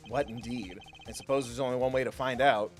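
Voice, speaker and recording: A man voicing a composed adult male prosecutor in a measured, dry delivery. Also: medium pitch, steady tone, faint music behind, close to an everyday voice.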